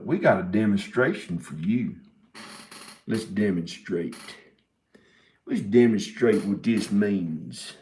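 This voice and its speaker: A man's voice: on the low side, darkish tone. A man talking to his camera in a loose, rambling monologue, drifting between thoughts and often breaking into giggles. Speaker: video maker. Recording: echoey room.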